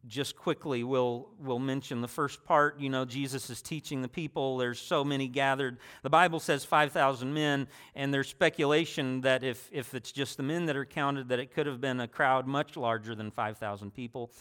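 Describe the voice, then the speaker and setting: A man's voice: medium pitch, fairly even intonation, moderate pace, hardly any pauses, a bit bright, clean tone. A man preaching a sermon in a conversational way, restarting phrases and adding personal asides.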